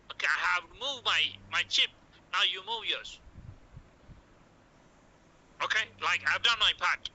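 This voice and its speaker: A man lecturing in short, repetitive coaching phrases, with "okay" after nearly every point. His voice sits a little high for a man and sounds very bright and sharp. He acts out the doctor's lines as he teaches. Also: rough recording. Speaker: medical communication teacher. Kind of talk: classroom lecture.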